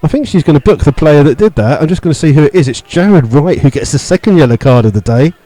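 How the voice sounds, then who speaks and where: A man giving live radio football commentary from the stand, steady play-by-play with many fillers, rising sharply when he disputes a call. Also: fairly high pitch, quick pace, dry recording, poor audio. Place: stadium stand among fans.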